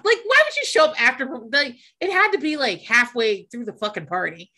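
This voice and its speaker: A woman co-hosting a podcast in casual chat, animated and gossipy, laughing often and swearing freely. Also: fairly high pitch, normal speed. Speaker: podcast co-host.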